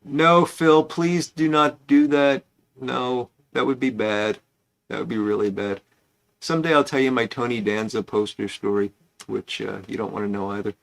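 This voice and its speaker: A man's voice: mid-range voice, steady tone, moderate pace, vocal fry. A man hosting a casual pipe-smoking livestream, rambling and chatty as he greets viewers by name.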